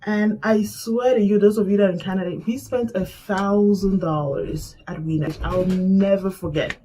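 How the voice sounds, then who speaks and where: A woman's voice: medium pitch, moderate pace, slight background noise. A woman telling an emotional personal story and acting out the conversations she remembers. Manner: animated, acts out past conversations. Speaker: vlogger sharing a personal loss. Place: Canada.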